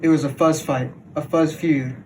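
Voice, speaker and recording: A young man on a sports team reading a children's picture book aloud in a plain, steady way. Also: on the high side, normal speed, distant mic, a little hiss or hum, rough recording. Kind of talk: storybook read-aloud.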